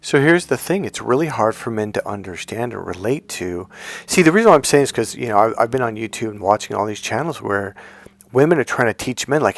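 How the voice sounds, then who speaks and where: A man's voice: mid-range voice, lively intonation, fairly quick, fairly bright tone. A man talking as a dating coach, casual and direct, acting out quoted women in a raised voice. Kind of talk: casual direct-to-camera talk.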